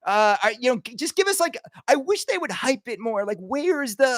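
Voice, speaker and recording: A man hosting a podcast, ranting casually with sarcasm and quick asides. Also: very high-pitched, no room sound, studio quality. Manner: animated, sarcastic, riffing with laughs and mock impressions. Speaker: podcast host.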